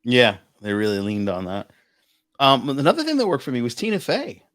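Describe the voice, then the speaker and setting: A man hosts a casual movie review chat, with an animated, swearing delivery. His pitch jumps around a lot. The sound is dry and close. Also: brisk, no room sound. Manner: animated, swears, laughs often. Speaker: host.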